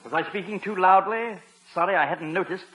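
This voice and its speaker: An actor playing a flustered, dry-witted English butler in a 1950s radio sitcom, speaking with an English accent and nervous stammers. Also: male voice, sits high, fairly quick, a bit bright, poor audio. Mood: bewildered. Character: fussy, dry-witted English butler, middle-aged man.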